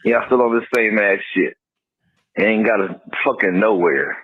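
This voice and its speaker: Husky man ranting over a phone line. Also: lowish voice, measured pace, dry recording. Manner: profane heated rant. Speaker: caller. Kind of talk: call-in rant.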